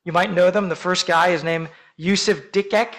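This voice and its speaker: A man preaching a sermon as pastor, earnest and measured, slowing down for emphatic phrases. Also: high-pitched, steady tone, a bit bright, rough recording.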